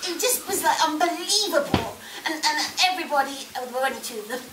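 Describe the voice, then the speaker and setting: A woman's voice: sits high, lively intonation, quick pace. Woman playing a giggly rambling newborn baby girl. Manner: giggly, rambling, easily sidetracked. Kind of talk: live comedy storytelling in character. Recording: echoey, distant mic, loud background noise.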